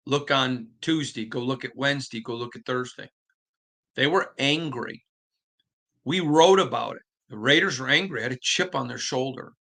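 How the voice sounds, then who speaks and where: A man hosting a sports podcast, telling stories in an animated, conversational way with frequent restarts. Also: medium pitch, moderate pace. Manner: animated storytelling with repeated restarts. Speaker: podcast host. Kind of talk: casual podcast monologue.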